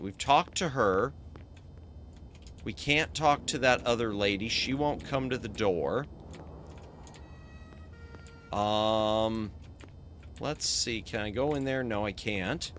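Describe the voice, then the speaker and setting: A man's voice: fairly low pitch, a bit bright, a little hiss or hum. A man streaming a video game as a VTuber, chatting casually, thinking aloud and thanking his chat.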